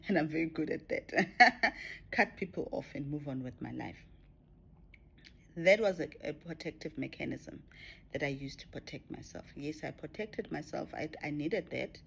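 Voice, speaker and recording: A woman talking to camera about her spiritual experiences in a reflective way, often dropping to a soft whisper. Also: low-pitched, lively intonation, measured pace, vocal fry, long pauses, husky. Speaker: spiritual vlogger. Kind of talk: personal spiritual talk to camera.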